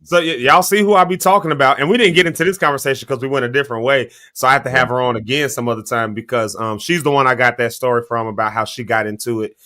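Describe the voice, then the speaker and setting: Bright-voiced laughing male co-host. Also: medium pitch, fast talker, few pauses. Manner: laughing, teasing, animated storyteller. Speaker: co-host of a morning talk show. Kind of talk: casual chat.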